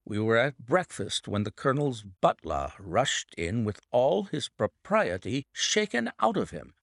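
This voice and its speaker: Man narrating a classic mystery: unhurried, expressive, with a lowish, lively voice. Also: dry recording. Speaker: audiobook reader.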